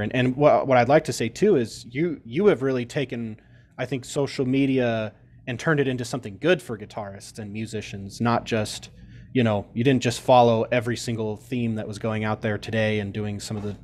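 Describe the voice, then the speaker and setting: A man's voice: mid-range voice, a little hiss or hum. A man hosting a casual interview, earnest and rambling, leaning on "you know" as he builds his point. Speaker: podcast host.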